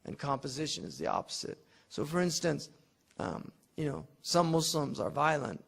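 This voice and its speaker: Male lecturer, somewhat high voice, gravelly texture, casual classroom explaining with plenty of restarts. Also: very animated, moderate pace. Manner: conversational and digressive, with frequent restarts and fillers; explains with everyday examples. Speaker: teacher of classical logic.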